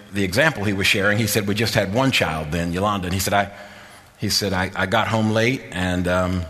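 A man preaching a sermon as a pastor, moving from soft, halting talk to loud, rising preaching. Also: on the low side. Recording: long hall reverb.

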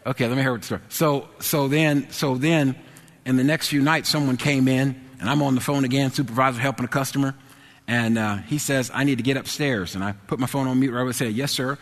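A man telling a personal anecdote to an audience. He is animated, dropping to low mumbles and rising to loud, excited exclamations. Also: fast talker. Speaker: storyteller. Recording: long hall reverb.

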